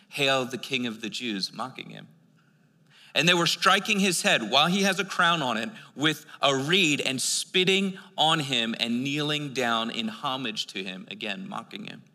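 A long reverb tail follows the pushed, bright, mid-range voice of an American man giving a sermon. He reads from scripture, then breaks into chatty, casual asides to explain it, with filler words and restarts along the way.

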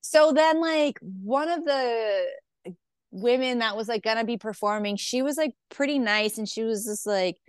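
A woman's voice: on the high side, unhurried, smooth, no room sound, studio quality. A woman comedian telling stories in casual chat, acting out quoted voices, saying "like" a lot and swearing freely. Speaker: stand-up comedian guest.

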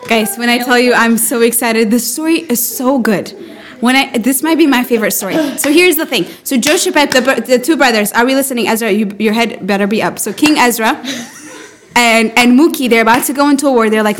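Animated woman teaching a group Bible lesson. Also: a little fast. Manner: animated, acts out quotes with rising pitch.

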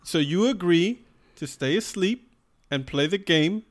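A man co-hosting a podcast, explaining his views in a hesitant, measured way with many restarts. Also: sits high, expressive. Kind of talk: casual podcast chat.

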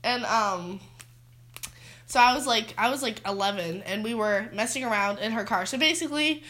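A woman's voice: fairly high pitch, normal speed, bright, forceful tone. A teenage girl co-hosting a casual podcast, telling childhood stories and laughing often mid-sentence. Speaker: podcast co-host. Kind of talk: casual chat, storytelling.

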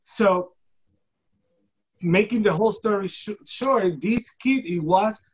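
A guest giving an emotional personal testimony, halting and repeating words for emphasis, acting out remembered dialogue. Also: dull audio, a little hiss or hum. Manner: acts out quoted dialogue with shifting pitch. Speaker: guest telling a personal story.

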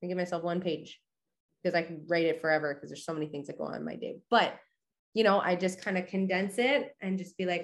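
A woman's voice: fairly low pitch, quick pace. A young woman hosting a podcast, giving a casual motivational monologue in a chatty, upbeat way full of "you know" and "okay". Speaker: podcast host.

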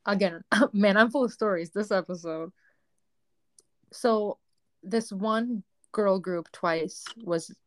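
A woman, co-hosting a podcast in casual chat and acting out the voices in her stories. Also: lowish voice. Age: 20s. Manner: animated storytelling, acts out quoted voices. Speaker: podcast co-host.

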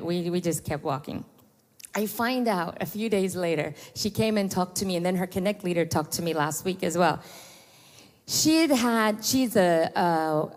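A middle-aged woman pastor, preaching a sermon with lively storytelling asides. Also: mid-range voice. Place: church hall. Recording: long hall reverb.

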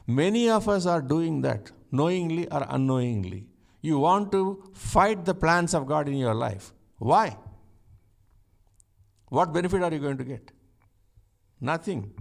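A man's voice: fairly high pitch, animated, measured pace, creaky, long pauses. A man preaching a conversational sermon, asking rhetorical questions and chuckling now and then.

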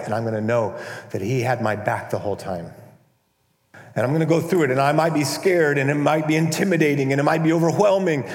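A man preaching a conversational, animated sermon as a pastor, now and then acting out prayers in a mock-pompous voice. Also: medium pitch. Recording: echoey hall, long reverb.

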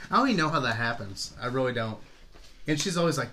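Male podcast host, forties, loose and rambling, slightly hoarse, casual swearing. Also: medium pitch, lively intonation, fast, pushed and bright, a little hiss or hum. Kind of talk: casual chat.

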